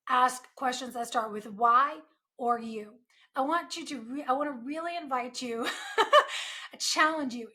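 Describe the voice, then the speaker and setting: A woman hosts an advice podcast in a clear, bright voice pitched a little high. She coaches earnestly, tossing in rhetorical asides as she goes. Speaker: podcast host.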